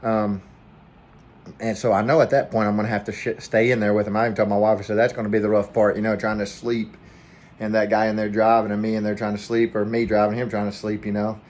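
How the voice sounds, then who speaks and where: A man with a Southern US accent, talking quietly and rambling in a casual vlog from a hotel room. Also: on the low side, level tone, quick pace. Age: adult, family man with kids. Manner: rambling, hushed so neighbors won't hear. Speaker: vlogger, trucking trainee.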